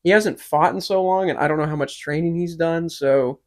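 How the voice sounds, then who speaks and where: A man's voice: on the high side, normal speed, a little hiss or hum. Chatty man on a sports podcast. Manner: chatty, animated storytelling. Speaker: podcast co-host. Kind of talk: casual sports chat.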